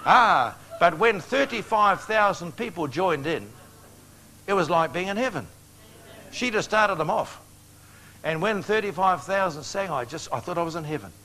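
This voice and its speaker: An older male evangelist preaches to a big meeting, moving fast from story to appeal. His voice sits a little high for a man, with a faint hiss of noise under it. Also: lively intonation, bright, forceful tone, poor audio. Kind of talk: sermon. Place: large meeting hall.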